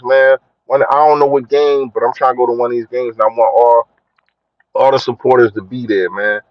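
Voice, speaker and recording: A young man chatting casually on a sports live stream, slangy and shouting out his viewers. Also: no room sound. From Philadelphia. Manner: slangy, shouts out viewers, lively swings in pitch. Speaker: sports vlogger. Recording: dry, dull lo-fi phone audio.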